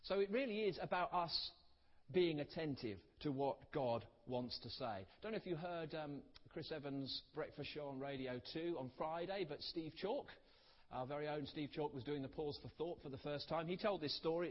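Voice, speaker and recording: Guy preaching, a bit high voiced, long echo in a big hall. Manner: earnest, storytelling, trailing off on key words. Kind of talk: sermon. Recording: dull recording in a reverberant hall.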